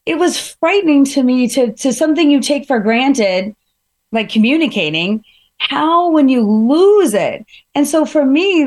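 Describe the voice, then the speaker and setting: A woman with a bright, high voice shares a personal reflection in the style of a keynote speaker. She is earnest and self-questioning, working her thoughts out aloud with casual fillers.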